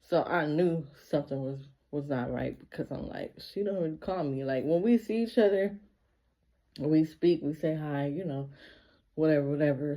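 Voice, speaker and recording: A woman with a deep, dark voice tells a personal story in a casual vlog. She speaks emotionally and keeps repeating "like" throughout her sentences.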